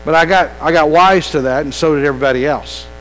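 A man's voice: fairly high pitch, fast talker, a bit bright, poor audio. A man preaching an evening sermon, talking conversationally, restarting phrases and putting questions straight to the congregation. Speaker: pastor. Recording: mains hum behind.

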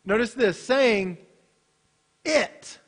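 A man preaching a sermon, swinging from loud, emphatic bursts to hushed, quiet passages. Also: extremely slow, slightly rough. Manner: animated, swings between loud emphasis and hushed low delivery.

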